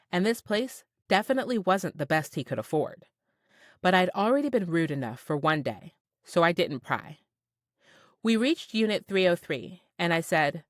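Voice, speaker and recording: A woman narrating a first-person romance audiobook with playful, expressive storytelling. Her fairly low voice swings widely in pitch. The recording is close and dry, with no room echo. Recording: dry close studio sound.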